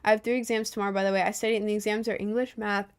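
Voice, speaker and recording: A young woman talks very fast on her stream, chatting casually and reading messages from viewers. She rambles, laughs often and leans on fillers, her mid-pitched voice smooth and level in tone.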